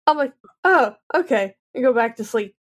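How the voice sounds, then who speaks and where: A woman in her thirties on a casual podcast, telling a story with lively back-and-forth dialogue. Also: sits high, moderate pace. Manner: animated storyteller, acts out both sides of dialogue. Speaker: podcast co-host.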